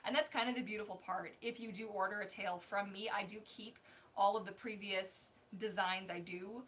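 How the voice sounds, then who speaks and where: A young woman hosting a casual live Q&A from her apartment, animated and laughing often, with lots of fillers. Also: mid-range voice, normal speed, slight background noise. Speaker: live stream host, mermaid performer. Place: home apartment. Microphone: phone.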